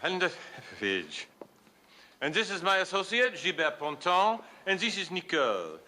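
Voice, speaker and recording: A pompous, bumbling French police inspector in a film, bright and lively in pitch. He talks in a thick, exaggerated comic French accent and mangles his words with grand self-importance. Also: normal speed, a little hiss or hum, heavily acted. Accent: mock French.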